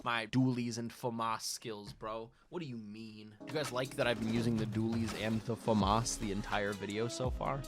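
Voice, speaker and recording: A man's voice: medium pitch, fairly even intonation, normal speed, few pauses. A man giving casual, sarcastic commentary over gameplay, cursing freely and tossing out mocking insults. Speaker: gaming YouTuber. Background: background music.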